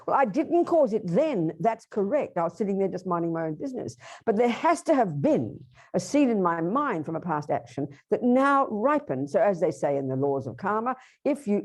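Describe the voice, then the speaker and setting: A woman teaching Buddhism at a workshop, lively, acting out inner voices and asking her listeners questions. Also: medium pitch.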